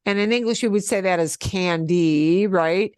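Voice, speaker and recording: A woman's voice: lowish voice, moderate pace, darkish tone, smooth, dry recording, studio quality. A woman teaching a beginners' Spanish class over a video call, explaining patiently and checking in with "okay?" often.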